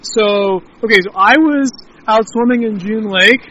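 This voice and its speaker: Brief: high, bright man musing on spiritual experiences, rambling and reflective, dull lo-fi outdoor recording. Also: unhurried. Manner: rambling and reflective, heavy on filler words. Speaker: interviewee. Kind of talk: casual outdoor chat.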